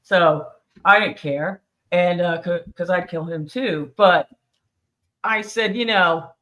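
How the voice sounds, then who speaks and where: A woman from the US Northeast with a Northeast accent, telling a story as a guest in a casual podcast chat, in an unhurried way. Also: fairly low pitch, fairly bright tone, dull audio. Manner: unhurried storytelling, chuckles between points.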